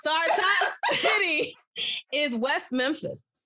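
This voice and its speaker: A woman's voice: high voice, lively intonation, slow. A woman from the Washington DC area co-hosting a podcast, upbeat and chatty, greeting listeners in casual talk. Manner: upbeat, chatty, giving shout-outs to listeners. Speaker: podcast co-host. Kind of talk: casual chat.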